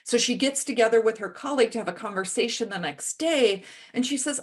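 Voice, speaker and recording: Higher-voiced woman telling candid stories. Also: fairly quick. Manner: candid storytelling, shifting voices for quoted people. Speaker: panelist and author. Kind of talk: panel discussion.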